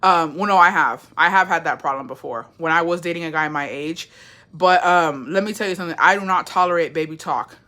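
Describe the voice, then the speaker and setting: Young woman livestream host, sassy, profane, animated, bright edgy voice. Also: sits low, brisk. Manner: animated, profane, sassy, reads chat aloud. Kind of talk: casual livestream chat.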